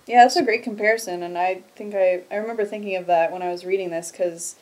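A woman's voice: mid-range voice, fairly even intonation, fast, a little mellow. A woman co-hosting a film podcast in casual chat, giggly and hesitant, with many ums. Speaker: podcast co-host.

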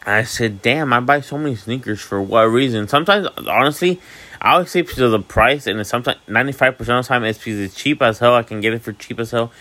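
A man's voice: mid-range voice, quick pace, sharp tone, dry recording. Candid young man rambling, dry sound. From Miami, Florida. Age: 20s. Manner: rambling, candid, swears freely, many fillers. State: sleepy, yawning. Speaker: vlog host. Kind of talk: casual monologue.

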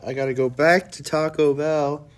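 Lively man telling a food story. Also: on the high side, normal speed. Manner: animated storyteller, acts out his own quotes. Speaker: podcast host. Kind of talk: casual chat.

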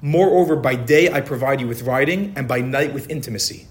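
A man's voice: medium pitch, fairly quick, lightly acted. A man voicing a talking male donkey who reproaches its rider while reciting a story. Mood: reproachful.

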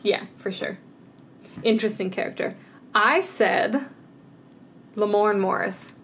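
A woman co-hosting a podcast in casual chat, talking in quick, filler-heavy bursts. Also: mid-range voice, a bit bright, slight background noise. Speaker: podcast co-host.

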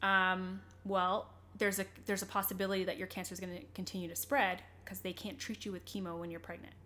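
A woman's voice: on the low side, flat delivery, brisk, sharp tone. Earnest young woman telling her story. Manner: earnest, rambling, with many fillers and restarts. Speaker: interview guest. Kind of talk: candid personal storytelling in conversation.

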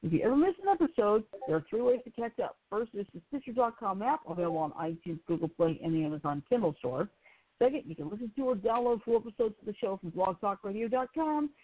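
Lively woman co-host on a phone line. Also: mid-range voice, quick pace. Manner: lively, upbeat delivery. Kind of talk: casual chat, signing off the show. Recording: phone-line internet radio call.

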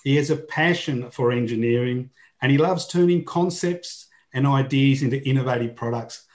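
A man hosting a podcast, greeting his guest warmly and asking questions. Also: mid-range voice, moderate pace. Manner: friendly, brief affirmations. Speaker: podcast host. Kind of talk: podcast interview.

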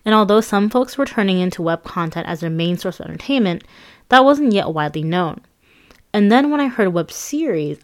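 Lively woman narrating her memoir. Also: mid-range voice. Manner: conversational, lively, self-mocking. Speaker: author reading her own memoir.

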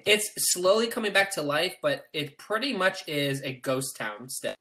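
A man's voice: a little high, expressive, moderate pace, sharp tone. A man chatting as a podcast guest, rambling loosely with swearing and fillers. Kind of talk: casual chat.

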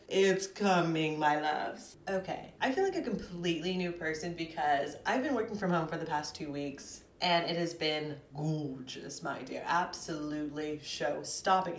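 A woman's voice: fairly low pitch, slight background noise. A young woman hosting her own podcast alone, chatting and ranting in a sassy, dramatic way from her apartment. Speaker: podcast host. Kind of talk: solo chatty podcast rant. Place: apartment at home. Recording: roomy echo.

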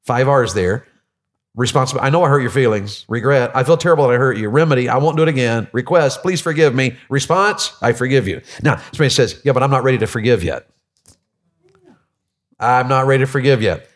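A man preaching a sermon as pastor, animated and jokey, with many restarts. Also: medium pitch, fairly quick.

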